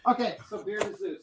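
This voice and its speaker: A man's voice: sits high, slight background noise. A man chatting and teasing on a casual online beer panel over a video call. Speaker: panel member.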